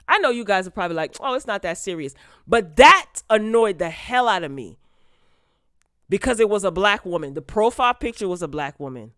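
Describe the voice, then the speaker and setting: Indignant woman vlogger, smooth and dry. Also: fairly high pitch, fairly bright tone, no echo. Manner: blunt, indignant, rising to exasperation. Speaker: channel host. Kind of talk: casual commentary vlog.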